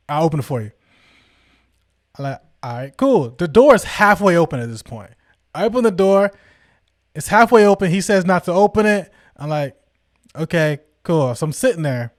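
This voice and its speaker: A young man tells a story on his podcast with lots of energy, slipping into the voices of the people he quotes. His voice sits a little high for a man, and the sound is close and dry with no room around it. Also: dry recording. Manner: animated, acts out quoted people, slangy. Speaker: podcast host. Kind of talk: casual storytelling.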